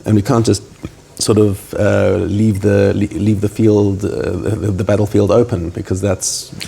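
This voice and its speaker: Laid-back podcast host, man, dark raspy timbre, pauses often to find words. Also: lowish voice, little pitch movement. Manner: halting, searching for words with many fillers. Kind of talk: casual interview chat.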